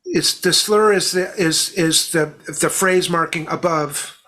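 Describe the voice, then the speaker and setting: A man interviewing a guest, a drum teacher who talks in halting starts while forming his questions. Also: on the high side, sharp tone.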